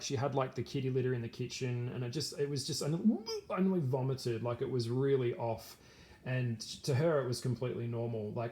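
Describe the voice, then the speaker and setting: Rambling man with a middle-pitched voice. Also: darkish tone. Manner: rambling, with many fillers and restarts. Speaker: vlogger. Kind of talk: casual talk to camera.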